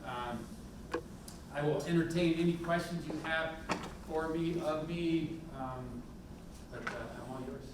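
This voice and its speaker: A middle-aged man, a police chief, giving a candid, animated talk full of anecdotes in a university event hall. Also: fairly high pitch, measured pace, noisy background. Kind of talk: public talk with war stories. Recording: echoey hall from a distant mic.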